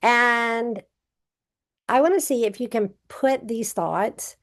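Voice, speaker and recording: Gravelly-voiced woman teaching a grammar lesson. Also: fairly high pitch, slow, fairly bright tone. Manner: patient, explains step by step with example sentences.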